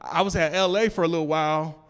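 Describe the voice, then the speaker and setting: A man with a fairly high, smooth, clear voice works a comedy club crowd, his talk loose and rambling with stammered restarts. He is miked on stage and sounds clean and close. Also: fairly even intonation, fast. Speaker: stand-up comedian. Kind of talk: stand-up set before a live audience.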